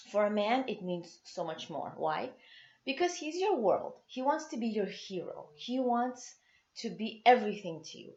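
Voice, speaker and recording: A woman's voice: mid-range voice, darkish tone. A woman giving earnest marriage advice to other women, emphatic and repeating words for stress. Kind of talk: motivational talk to women. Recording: echoey, dull lo-fi sound.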